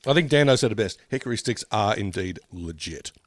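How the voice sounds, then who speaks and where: A man's voice: lowish voice, lively intonation, fairly quick, dry recording, studio quality. A man, co-hosting a snack taste test, joking around as he eats. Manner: jokey, playful, talks with mouth full. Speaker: co-host.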